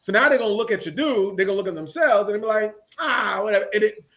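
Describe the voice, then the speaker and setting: A man hosting a podcast, talking in a casual, animated and slangy way and acting out the people he quotes. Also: sits high, fast talker, highs cut off. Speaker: podcast host. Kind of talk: casual commentary chat.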